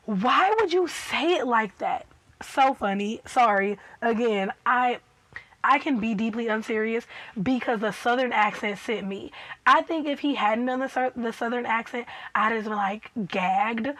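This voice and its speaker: A woman giving a casual, animated reaction review of a TV episode, full of playful asides and exclamations. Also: a little high, a little slow, no echo, poor audio. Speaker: TV show reviewer.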